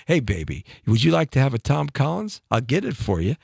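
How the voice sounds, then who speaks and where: A man voicing a smooth-talking male charmer at a bar, crooning pickup lines in a low, slow voice. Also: sing-song, darkish tone, no echo, studio quality, heavily acted. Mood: smooth, seductive.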